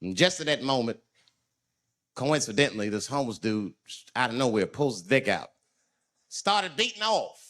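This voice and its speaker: A man's voice: mid-range voice, big pitch swings, moderate pace, pauses often, fairly bright tone. A male stand-up comedian telling a long profane story, acting out the voices of people in it. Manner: profane and conversational.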